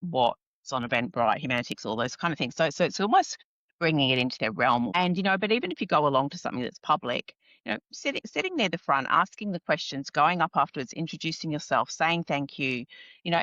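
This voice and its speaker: A woman with an Australian accent gives career advice in an enthusiastic, chatty podcast conversation. Her voice is bright and forward. The sound is dry, with a slightly muffled, dull tone. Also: low-pitched, big pitch swings, fairly quick, no echo. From Scotland. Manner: enthusiastic, chatty, frequent laughs. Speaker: career counsellor guest. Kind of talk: casual podcast interview.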